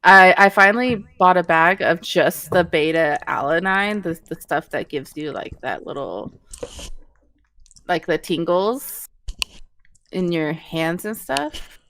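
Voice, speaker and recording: Lower-voiced woman, chatty guest, says like a lot. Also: lively intonation, takes it slowly, a bit bright, slight background noise. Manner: chatty, filler-heavy with frequent "like". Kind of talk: casual chat.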